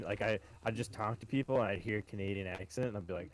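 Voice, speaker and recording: A man's voice: on the low side, steady tone, quick pace, few pauses. A man co-hosting a podcast, chatting casually and telling a profane work story. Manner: swears a lot, storytelling, calls listeners boys. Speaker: podcast co-host. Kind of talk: casual chat.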